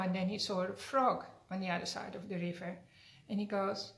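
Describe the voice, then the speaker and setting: A woman's voice: medium pitch, little pitch movement, moderate pace. A woman energy healer giving a conversational teaching talk, earnest and often checking in with "right?". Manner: earnest, conversational, frequent tag questions. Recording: echoey room.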